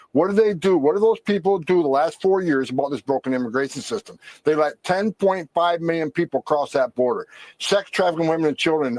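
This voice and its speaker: A man's voice: medium pitch, darkish tone, dry recording. Male government spokesman, blunt press statement, dry sound. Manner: blunt, emphatic, stacks short lists. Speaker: government official.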